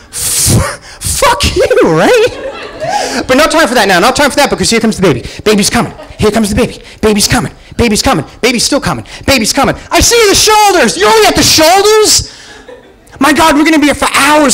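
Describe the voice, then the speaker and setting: A man telling a comic personal story live at a pub show, animated and self-mocking, acting out the voices he quotes. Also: very high-pitched, rough recording. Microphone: far camera.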